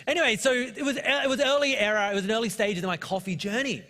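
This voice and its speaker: An Australian man in his thirties preaching a sermon with a fairly high voice, talking to the congregation in a loose, joking way and telling personal stories. The sound has a long hall reverb, as in a church auditorium. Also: expressive, rapid-fire, hardly any pauses, bright, forceful tone. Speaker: pastor.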